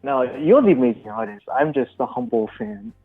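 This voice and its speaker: A male fan speaks into a phone call on a live stream, halting and sincere, his words often restarting. The line is thin and tinny, with faint music beneath. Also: mid-range voice, lively intonation. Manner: halting, earnest, emotional. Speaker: caller, fan. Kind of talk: casual call-in chat.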